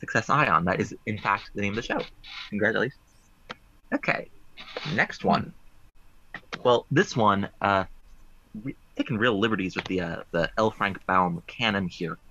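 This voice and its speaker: A man presenting puzzles on a talk show over a remote call, rambling with playful deadpan jokes. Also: fairly low pitch, normal speed, long pauses, muffled recording, a little hiss or hum.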